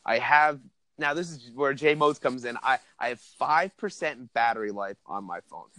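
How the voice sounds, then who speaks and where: A young man telling a wild story in casual chat, animated and profane, laughing as he goes. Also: mid-range voice, normal speed, dry recording. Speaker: podcast host telling a story.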